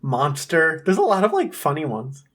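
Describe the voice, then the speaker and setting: Lively, giggly woman co-host. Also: low voice, normal speed. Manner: lively, laughs often, playful teasing. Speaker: podcast co-host. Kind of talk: casual podcast chat.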